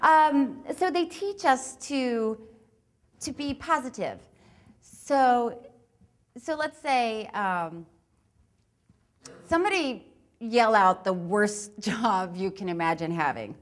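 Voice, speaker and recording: A woman's voice: fairly high pitch, lively intonation, takes it slowly, pauses often. A woman giving a live talk on improv, chatty and laughing often between her points. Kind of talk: live talk with audience exercises.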